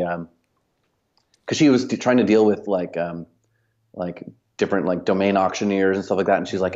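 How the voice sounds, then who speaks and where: A man's voice: sits low, fairly even intonation, normal speed, darkish tone, dull audio. A man, a company cofounder, telling a long anecdote casually as a podcast guest, full of fillers and quoted dialogue. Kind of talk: casual storytelling.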